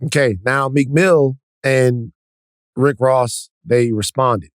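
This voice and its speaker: Deliberate male podcast host. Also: medium pitch, slight background noise. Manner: measured, deliberate, posing questions. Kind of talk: casual podcast chat.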